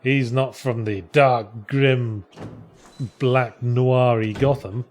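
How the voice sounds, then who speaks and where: A man's voice: mid-range voice, steady tone, slow, darkish tone, slight background noise. A man, co-hosting a casual chat and reading out viewer questions, with dry, wry remarks.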